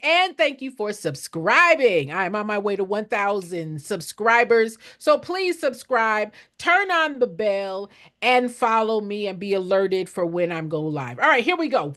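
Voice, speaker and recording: A woman's voice: on the high side, a bit bright. An older woman, a nonprofit consultant, giving blunt, preachy motivational teaching to camera and repeating lines for emphasis.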